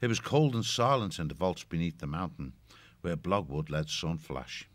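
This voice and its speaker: A man narrating an audiobook in a steady, measured storytelling style. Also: low-pitched, dry recording, studio quality.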